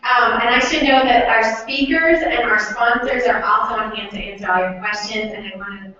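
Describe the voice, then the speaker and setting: A woman organizer makes upbeat announcements to a room of participants, listing sponsors one after another. Her voice sits a little high and comes from far off in a very echoey space. The recording is dull and lo-fi, with faint noise underneath. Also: steady tone, moderate pace, sharp tone. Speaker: hackathon organizer. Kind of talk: event announcements. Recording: distant roomy lo-fi recording.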